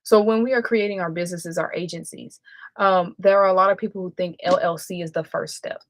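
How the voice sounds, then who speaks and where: Chatty and rambling, this livestream host often stops to correct herself partway through a sentence. Her voice is fairly low and steady, she talks fairly quickly, and there's no echo.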